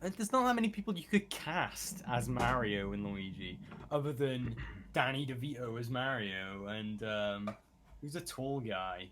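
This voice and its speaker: A man's voice: mid-range voice, lively intonation, measured pace, noisy background. A man co-hosting a podcast in casual chat, crude and often laughing as he riffs on jokes. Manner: crude, laughing, puts on silly voices in jokes. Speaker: podcast co-host.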